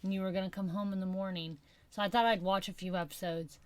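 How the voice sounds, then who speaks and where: A woman's voice: medium pitch, steady tone, fast, no echo. A woman co-hosting a casual podcast, laughing often and telling stories in a chatty way. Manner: giggly, chatty storyteller. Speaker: podcast co-host. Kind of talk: casual chat.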